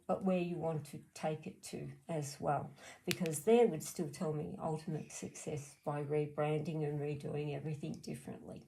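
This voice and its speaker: A woman's voice: lowish voice, mellow, rough recording. A middle-aged Australian woman giving a chatty, blunt card reading on a live stream, answering viewers by name. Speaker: card reader.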